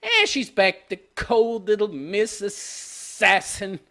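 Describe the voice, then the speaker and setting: Sarcastic ranting man, gravelly voice. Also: sits high, very animated, slow pace, bright, forceful tone. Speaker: show reviewer. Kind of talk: ranting review vlog.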